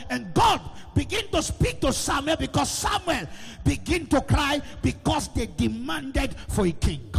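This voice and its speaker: High, gravelly Nigerian preacher shouting. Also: male voice, in a large hall. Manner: shouting, sing-song preaching with call-and-response questions. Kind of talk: sermon. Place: church with a gallery.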